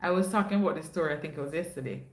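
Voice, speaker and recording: A woman's voice: sits low, racing. A young woman with a Jamaican accent, hosting a casual livestream chat and telling stories, slipping into patois now and then. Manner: chatty storyteller, drops into patois. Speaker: livestream host. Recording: echoey room.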